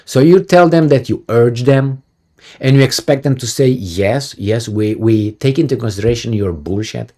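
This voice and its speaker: A man's voice: medium pitch, dark tone. A middle-aged man giving a heated, sarcastic video commentary, with frequent profanity and rhetorical questions. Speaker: political commentator.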